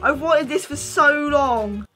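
Young woman, high pitch, bright tone, excited unboxing vlog, chatty. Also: takes it slowly, faint music behind. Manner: gushing, squealing, chatty. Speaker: YouTuber.

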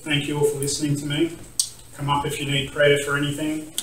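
A man's voice: on the high side, monotone, a little fast, a bit bright, a little hiss or hum. Man, guest preacher, emotional testimony, distant mic in reverberant church hall. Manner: emotional, laughing at himself, acts out quoted voices. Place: church sanctuary. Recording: echoey church hall from far off.

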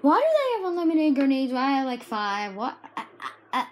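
A woman giving frantic, excited commentary while playing a shooter game, often shouting and yelping. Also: sits high, a little fast, slight background noise. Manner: frantic, shouts and yelps at the action. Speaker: gaming video creator.

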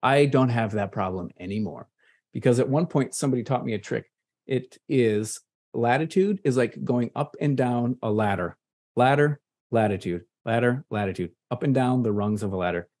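A man from Michigan with a Midwestern American accent, presenting a casual, playful software tutorial over a video call. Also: mid-range voice, moderate pace. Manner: playful, nerdy asides, chatty and relaxed. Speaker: presenter at an online meetup. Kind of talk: casual screen-share tutorial. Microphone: computer mic on a video call.

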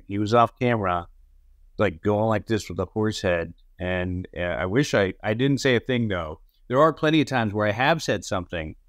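A man with a low voice tells his stories from film and TV sets in a loose, animated way, acting out the lines of the people in them and swearing as he goes. The sound is dry and close, with no room heard behind him. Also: moderate pace, no room sound. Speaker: podcast co-host and actor. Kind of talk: casual storytelling chat.

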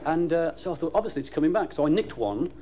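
A man's voice: a little high, expressive, fast. A man performing live stand-up comedy, rambling and hesitant with many fillers. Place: theatre stage before an audience. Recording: noisy live recording with loud audience laughter.

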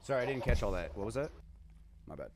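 A Canadian man with a Canadian accent talks fast in a medium-pitched, animated voice. He's a gaming streamer giving casual, profane, jokey commentary while he plays, with noisy game audio in the background.

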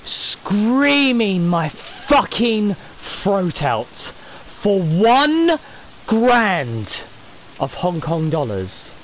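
Man, gaming commentary, hoarse, high voice, slow ranting delivery. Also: sing-song, fairly bright tone, a little hiss or hum, poor audio. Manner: sweary, ranting, frustrated. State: hoarse from screaming. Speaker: gamer.

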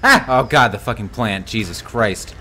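A man streaming a horror game live, talking to his chat, swearing a lot and yelping and shouting at every scare. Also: medium pitch, lively intonation, normal speed, a little hiss or hum. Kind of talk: live gameplay commentary.

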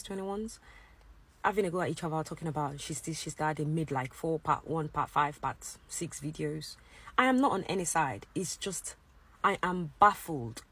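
UK mum, husky lowish voice, exasperated vlog rant. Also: female voice, fairly bright tone. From United Kingdom. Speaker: mother.

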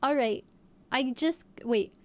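A young woman streamer with a high, slightly mellow voice takes her time as she chats playfully with viewers. She guesses aloud and keeps the live-stream talk casual.

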